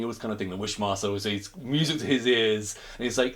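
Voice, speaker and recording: A man's voice: on the low side, steady tone, fast, few pauses, a bit bright. A man co-hosting a casual film review chat, recapping plots and acting out the characters. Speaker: podcast co-host.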